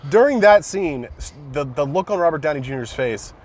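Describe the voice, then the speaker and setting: A man in casual conversation about movies, retelling scenes excitedly and swearing often, recorded in a car. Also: fairly high pitch, brisk.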